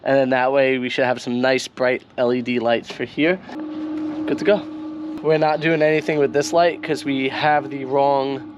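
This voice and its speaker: A man's voice: mid-range voice, level tone, moderate pace, highs cut off, noisy background. A man with a New York accent, a van life vlogger, casually explaining a hands-on install outdoors. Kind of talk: casual how-to narration. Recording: music playing behind voice.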